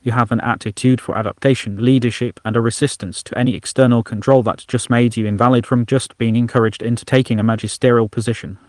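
A man's voice: medium pitch, steady tone, fast, few pauses, no echo, studio quality, close to an everyday voice. A man voicing a wounded male alien who talks through coughs and rising panic. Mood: strained. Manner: shouting, coughing.

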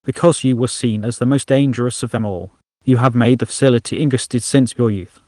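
A man's voice: mid-range voice, no room sound, clean studio sound, close to an everyday voice. A man doing a wounded, coughing alien man. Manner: shouting, coughing. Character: wounded panicked male alien, coughing, once a snob.

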